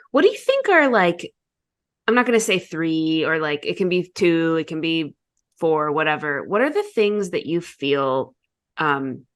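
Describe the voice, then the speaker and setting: A woman interviewing a guest in a relaxed, chatty way. Her voice sits a little low, but she jumps up in pitch when excited and peppers her talk with fillers. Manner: animated, filler-heavy, enthusiastic. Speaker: podcast host. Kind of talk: conversational interview.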